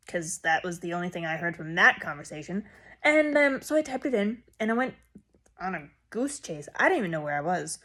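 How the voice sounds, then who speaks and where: A young woman chatting into her phone camera, telling a long story with rambling asides. Her voice sits a bit high, and her lines jump up in pitch and volume whenever she acts out what she said. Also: normal speed. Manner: animated and rambling, with sudden loud jumps when quoting herself. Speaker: vlogger.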